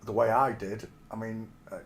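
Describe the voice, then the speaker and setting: A man's voice: fairly low pitch, steady tone, normal speed, vocal fry. A man in his forties from England, telling rambling stories in casual chat and calling the listener mate. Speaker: streamer.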